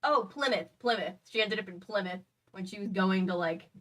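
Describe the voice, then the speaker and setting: A woman's voice: medium pitch, brisk, distant mic. Chatty American woman telling stories. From United States. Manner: rambling, apologetic, animated when telling stories. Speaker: podcast host. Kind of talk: casual chat.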